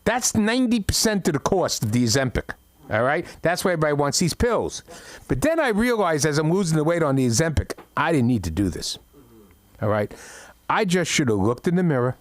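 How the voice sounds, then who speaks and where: A man's voice: on the high side, very animated, brisk, no echo. A middle-aged man doing an open mic stand-up set, telling stories with blunt punchlines. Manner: brash storytelling with blunt punchlines. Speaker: stand-up comic.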